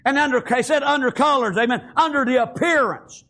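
A man's voice: very high-pitched, fairly quick, bright, forceful tone. A man preaching a fervent sermon, peppering his speech with amens and praise Gods.

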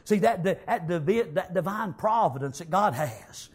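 A man preaching a fiery revival sermon in a church, punctuating nearly every line with "amen" and shouted praise. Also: sits high, lively intonation, normal speed, breathy edge.

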